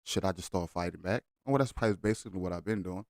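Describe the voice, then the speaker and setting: Blunt low-voiced man ranting. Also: quick pace, dry recording, clean studio sound. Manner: blunt, heated, argumentative. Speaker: reaction video host. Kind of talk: casual reaction commentary.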